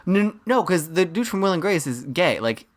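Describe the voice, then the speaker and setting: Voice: mid-range voice, lively intonation, moderate pace. Rambling, emphatic podcast co-host. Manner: rambling, emphatic, lots of acted-out asides. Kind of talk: casual film chat.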